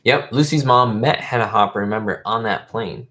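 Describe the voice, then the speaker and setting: A man's voice: on the low side, normal speed, pushed and bright. A man hosting his own livestream, talking casually and a bit rambling, with plenty of fillers. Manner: rambling, fan-like, lots of fillers. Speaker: YouTube host.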